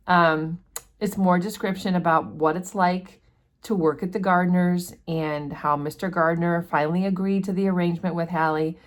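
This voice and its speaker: Low-voiced woman explaining a novel chapter. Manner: chatty, explanatory, many fillers. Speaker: book study host. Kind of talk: casual book discussion.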